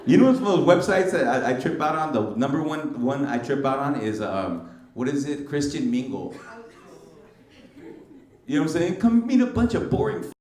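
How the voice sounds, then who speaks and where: A man's voice: mid-range voice, lively intonation, moderate pace, long pauses, background noise. A middle-aged male stand-up comedian doing brash, teasing crowd work with plenty of slang. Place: comedy club stage. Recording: roomy club sound from a distance. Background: audience laughter.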